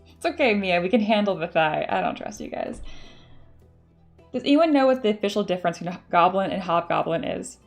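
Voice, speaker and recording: A woman's voice: mid-range voice, animated, a little fast, faint music behind. A woman chatting casually on a live stream while she sculpts, laughing often and reading viewer comments aloud. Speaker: 3D sculptor streaming her work.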